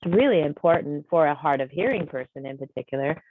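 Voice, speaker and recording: Voicing a deaf trainer's signs into speech over a video call, the interpreter explains patiently and conversationally as the training session unfolds live. Her deep, slightly mellow voice is animated and quick, with no room sound, but the recording is low quality.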